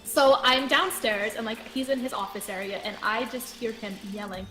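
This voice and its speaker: A woman's voice: a little high, normal speed. A woman guest chatting casually about video games, full of "like" fillers. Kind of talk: casual gaming chat. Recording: echoey room with faint music.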